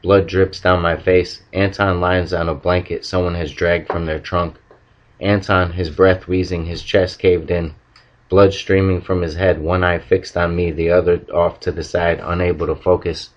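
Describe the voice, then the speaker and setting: A man reads a novel aloud at an even, measured pace. His voice is very low. The recording sounds dull and lo-fi, as if the treble has been cut. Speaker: audiobook reader.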